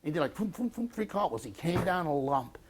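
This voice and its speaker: An American war veteran in his sixties recounts his memories for an oral history interview in a fairly high, husky, very animated voice. He speaks bluntly and halts often, restarting sentences and swearing frequently.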